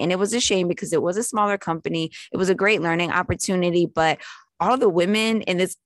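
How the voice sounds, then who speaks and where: A woman's voice: fairly low pitch, fairly quick, no room sound. A young adult woman telling a story in a casual, chatty way, full of fillers and acted-out quotes.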